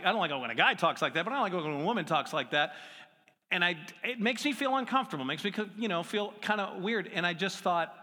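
Bright-voiced man preaching in a reverberant hall. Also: high voice. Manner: conversational and self-deprecating, with playful asides. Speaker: pastor. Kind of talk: sermon. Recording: long hall reverb with faint music.

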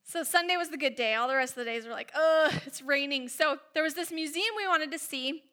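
Brief: woman preacher, high bright voice, expressive, has the room repeat lines after her. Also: fast. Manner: expressive, leads the congregation in call-and-response. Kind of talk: sermon.

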